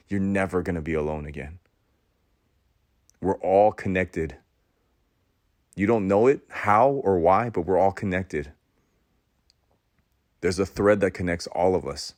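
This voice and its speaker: A man who is a podcast host, delivering a preachy motivational monologue in a sermon-like cadence, with dramatic pauses, repeated phrases and stammering restarts. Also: low voice, dry recording, studio quality.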